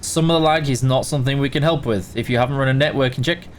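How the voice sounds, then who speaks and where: A man's voice: medium pitch, quick pace, slight background noise. A man hosting a casual live game stream, greeting viewers by name and answering chat while tired and yawning.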